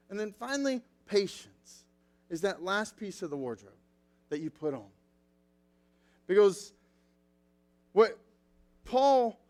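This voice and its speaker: A man preaching a sermon as pastor, telling stories with animated acted-out quotes. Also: high-pitched.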